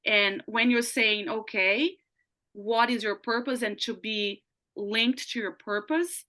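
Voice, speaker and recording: Bright woman coach. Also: on the high side, fairly even intonation, slow pace. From Brazil. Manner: warm, earnest storytelling, says "right?" often. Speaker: life coach guest. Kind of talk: casual chat.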